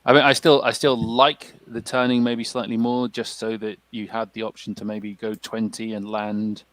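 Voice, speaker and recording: A man's voice: lowish voice, little pitch movement, normal speed, fairly bright tone, poor audio. A man commentating casually on a tabletop game, hesitant with many restarts and fillers.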